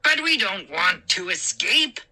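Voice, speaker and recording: A woman voicing small, gleeful, mischievous gnomes with shrill, sneering, giggly voices. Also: sing-song, unhurried, sharp tone, exaggerated voice.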